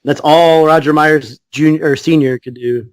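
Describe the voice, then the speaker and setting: Man, podcast co-host, casual chat, joking, slightly high voice. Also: fairly even intonation, moderate pace.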